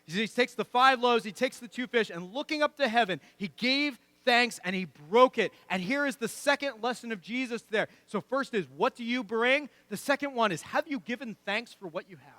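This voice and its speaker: Guy preaching in church, bright forceful tone, keeps asking the crowd questions. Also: very high-pitched, normal speed, hardly any pauses, no echo. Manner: conversational and emphatic, rhetorical questions. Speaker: pastor. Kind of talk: sermon.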